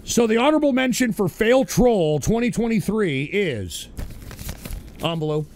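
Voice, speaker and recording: A man hosts an online awards segment, swearing and ranting. His voice is high and gravelly, and it swings widely in pitch. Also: measured pace, a little hiss or hum. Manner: profane, shouty, animated. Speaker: online show host.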